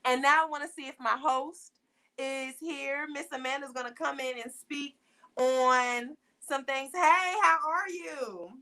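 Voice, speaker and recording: Bright-voiced woman hosting a live show. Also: high voice, little pitch movement, unhurried. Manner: emphatic, repetitive, switches between casual and formal speech. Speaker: show host. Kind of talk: motivational live-stream talk.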